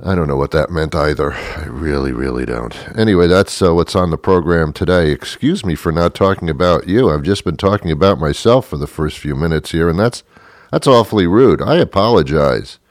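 A man's voice: deep voice, animated, fairly quick, dry recording, studio quality. An older man hosting a radio show, rambling in a grumpy, sarcastic monologue.

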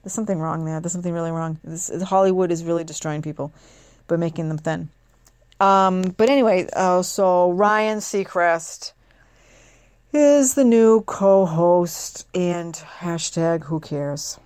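A woman hosting a casual talk show, rambling and sarcastic with quick asides. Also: fairly low pitch, a little mellow, smooth, no room sound, studio quality. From northeastern United States. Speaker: host. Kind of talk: casual chat.

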